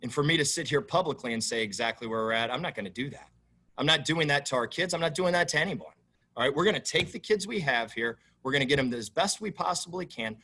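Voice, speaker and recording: A man, a head football coach, answering questions at a press conference in an emphatic, animated way that repeats itself. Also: medium pitch, fast.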